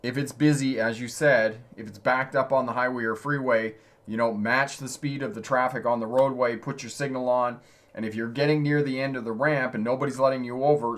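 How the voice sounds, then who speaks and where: A male driving instructor takes viewer questions on a live stream, chatting casually and laughing a lot. His voice sits in the mid range with a slightly bright quality.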